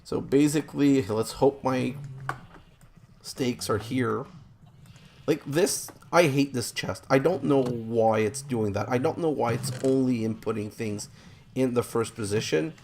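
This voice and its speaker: A man talks through his let's play session in a rambling, self-deprecating way, often exasperated by glitches and setbacks. His voice has a gravelly edge at a middling pitch. Faint keyboard clicks and typing can be heard behind him. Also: measured pace, darkish tone, a little hiss or hum. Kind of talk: let's play game commentary.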